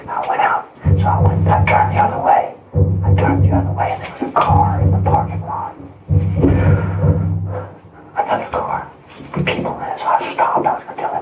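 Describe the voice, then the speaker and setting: A man's voice: on the high side, brisk, over loud music. A man recounting events in a recorded interview, agitated and rambling, repeating himself. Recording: distant, roomy recording with loud noise.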